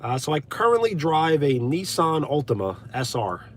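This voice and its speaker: A young man from Brooklyn chats easily on a live stream from inside his car. His pitch rises and falls a lot as he thanks viewers by name and drifts between topics. He fills gaps with "uh" and "like". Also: big pitch swings, moderate pace, a little hiss or hum. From Brooklyn, USA. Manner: chatty, thanks viewers by name, frequent uh and like fillers. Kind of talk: casual live stream chat reading comments.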